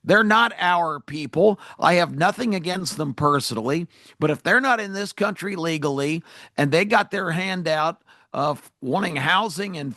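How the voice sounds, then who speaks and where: A man's voice: sits high, a bit bright, no echo, studio quality. A man hosting a talk radio show, delivering an emphatic, indignant political monologue with frequent fillers.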